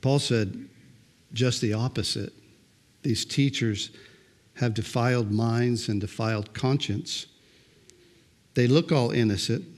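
A man's voice: mid-range voice, slow, long pauses, darkish tone. An older man preaching a sermon as pastor, talking in a loose conversational way and often repeating words as he goes.

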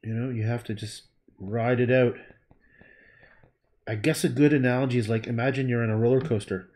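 A man's voice: mid-range voice, steady tone, fairly quick, darkish tone. A man painting on a livestream, thinking aloud in a rambling way, humming and murmuring to himself between sentences.

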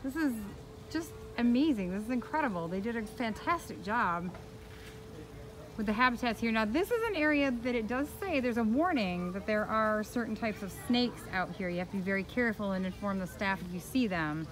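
A woman's voice: on the high side, lively intonation, fairly quick. A woman filming a casual travel vlog outdoors at a theme park, chatty and bubbly, cooing at the animals she passes. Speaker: travel vlogger. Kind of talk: casual vlog walk-through.

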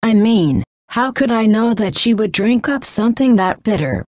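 A woman voicing a spoiled young lady who gets shrill and defensive. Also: animated, moderate pace, a little mellow, no room sound, close to an everyday voice.

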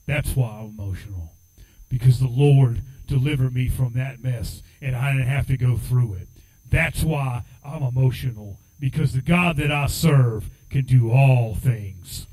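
A man preaching with a mellow, warm tone, moving easily between plain storytelling and fervent exhortation. His pitch sits in the middle for a man. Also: measured pace, husky, low-quality recording. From United States. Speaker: assistant pastor. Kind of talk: sermon.

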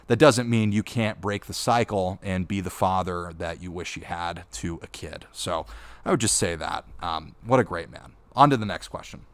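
A young man hosts a casual viewer Q&A in a lowish, steady voice. He tells stories in a chatty way and gets animated when he retells them. The sound is dry and close, with no room echo. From Utah. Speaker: YouTube channel host. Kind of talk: casual Q&A monologue.

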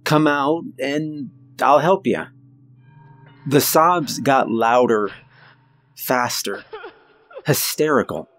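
A man narrating a scripted horror story in the first person, with measured, suspenseful delivery and dramatic pauses. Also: mid-range voice, fairly bright tone.

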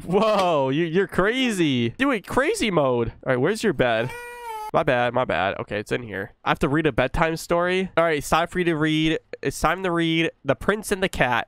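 Animated young man playing a game. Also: fairly high pitch, normal speed, no room sound, clean studio sound. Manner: joking, swearing, talks to the game baby. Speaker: gaming YouTuber. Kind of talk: let's play commentary.

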